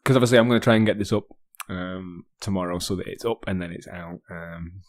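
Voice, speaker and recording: Man, English accent, podcast host, low-pitched, rambling casual chat. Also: steady tone, a little fast. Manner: rambling, with many ums and restarts.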